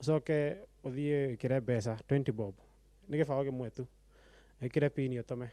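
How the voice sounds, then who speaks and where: A man with a Kenyan accent, a contestant chatting on a live TV show, quick and matter-of-fact. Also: mid-range voice, steady tone, dark tone, no echo. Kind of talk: casual on-air chat.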